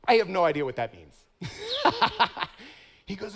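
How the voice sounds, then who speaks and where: A man's voice: high voice, sing-song, normal speed, gravelly, pauses often. A man preaching a sermon in a playful, self-mocking way, laughing often and putting on voices for stories. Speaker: pastor.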